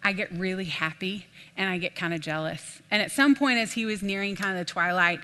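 A young adult woman preaching an animated, folksy sermon in a church, addressing the room as "y'all". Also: lowish voice, a little fast. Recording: long hall reverb.

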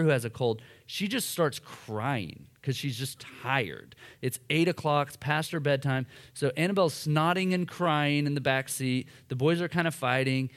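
A man in his thirties preaches to a church, mixing scripture with a funny, self-deprecating family story. His voice sits a little high and he talks in a relaxed, conversational way. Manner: casual, animated storytelling with self-deprecating humor. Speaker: pastor. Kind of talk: sermon with personal story. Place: church hall.

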